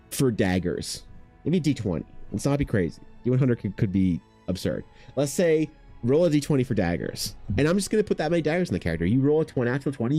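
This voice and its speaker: A man's voice: mid-range voice, mellow. A man artist chatting casually on a livestream, rambling and joking self-deprecatingly with his viewers. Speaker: artist streaming commissions.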